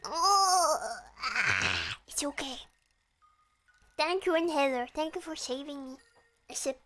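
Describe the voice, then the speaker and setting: A woman's voice: high voice, a little slow, bright, forceful tone, faint music behind. A young woman chatting casually and playfully with her viewers on a stream from her room. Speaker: VTuber streamer.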